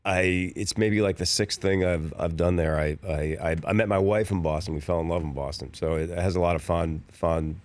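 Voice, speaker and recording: A man in his sixties from Philadelphia, a guest actor telling relaxed, rambling stories in a casual interview. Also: low voice, normal speed, hardly any pauses, no room sound.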